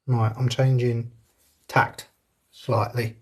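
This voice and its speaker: A man's voice: medium pitch, level tone, slow pace, darkish tone. Chatty man on a ghost hunt. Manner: chatty, addresses viewers and spirits directly, laughs often. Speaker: paranormal investigator streaming live. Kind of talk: live ghost-hunt stream chat. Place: indoors in a house.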